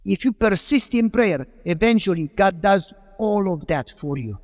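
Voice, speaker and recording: A man's voice: high-pitched, expressive, normal speed, hardly any pauses, darkish tone. A man preaching a sermon as a pastor, telling a story and asking the audience rhetorical questions with emphasis. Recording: long hall reverb.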